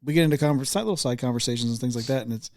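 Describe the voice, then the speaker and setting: Halting podcast co-host man, dry mic. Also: mid-range voice, darkish tone, no echo. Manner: halting, many fillers and restarts. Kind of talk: casual chat.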